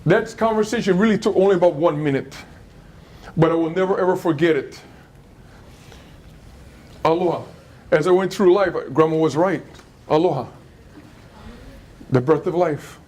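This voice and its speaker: A middle-aged man tells a life story to a school audience. His voice sits high and light for a man. He keeps the kids involved with questions and repeated phrases. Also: moderate pace, long pauses, darkish tone. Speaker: motivational speaker at a school.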